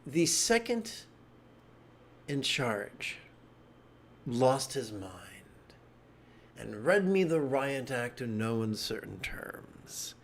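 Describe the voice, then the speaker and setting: A middle-aged man giving a livestreamed meditation talk, a wry, joking storyteller. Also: medium pitch. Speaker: meditation teacher.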